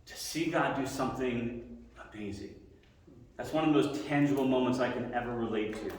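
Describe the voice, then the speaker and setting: A man's voice: mid-range voice, a little hiss or hum. Man, pastor, sermon, earnest with playful asides, long reverb, distant from mic. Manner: earnest, building to prayer with dramatic pauses. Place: church sanctuary. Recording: echoey hall, mic at a distance.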